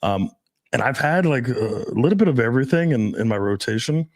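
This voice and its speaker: A man's voice: mid-range voice, animated, fairly quick. A man in casual podcast chat, loose and profane, full of fillers and frequent laughs.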